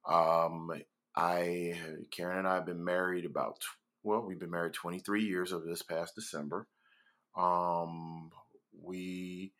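A man's voice: sits low, fairly bright tone. A man in his forties, a guest on a podcast, talking casually and hesitantly with many fillers. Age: 40s. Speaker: podcast guest, school educator.

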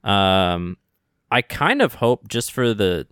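A podcast co-host talks casually about a show in a lowish, animated male voice, speaking slowly with a fairly bright, clear, resonant tone. He rambles and hedges while rephrasing his thoughts. The audio is studio quality with no room sound.

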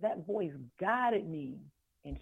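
A woman, an author and life coach, telling a personal story in a podcast interview, slow and earnest, repeating phrases for weight. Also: fairly low pitch, expressive, gravelly, husky. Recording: phone-like line with faint music.

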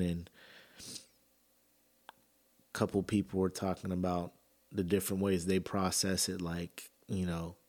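A man's voice: deep voice, a little mellow. A man hosting a podcast, talking earnestly and emotionally in a personal monologue, with casual fillers and swearing. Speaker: podcast host.

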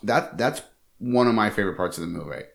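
Man, podcast co-host, casual chat, gravelly, lowish voice, laughs a lot. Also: fast. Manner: rambling, amused, laughs often.

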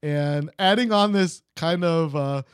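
A man's voice: a little high, measured pace, clean tone, no echo, clean studio sound. A young man from Texas with a Texan accent, hosting a podcast in loose casual chat, rambling with many restarts. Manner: rambling, many restarts and fillers, laughs at himself. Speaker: podcast host.

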